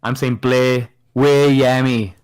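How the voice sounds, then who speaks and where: A man's voice: mid-range voice, little pitch movement, slow, clear, resonant tone. A man, a podcast guest in casual chat, patiently spelling out words and laughing often.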